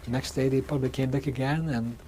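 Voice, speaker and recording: A man in his sixties giving a measured oral history testimony in an interview, often restarting and repeating words as he speaks. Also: medium pitch, fairly even intonation, warm tone, slight background noise. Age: 60s. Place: museum interview room.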